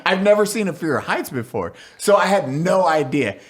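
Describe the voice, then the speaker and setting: A man who served in the army tells basic training stories in a casual, crude and animated way. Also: high-pitched, moderate pace, hardly any pauses, husky. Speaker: army veteran telling stories. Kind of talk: casual podcast storytelling.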